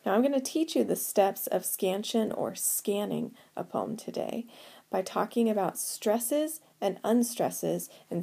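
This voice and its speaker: A woman teaching poetry, speaking slowly and sounding out stressed syllables with care. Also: mid-range voice, gravelly, warm tone, breathy edge. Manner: slow, deliberate, sounding out stresses. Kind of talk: explaining poetic meter to students.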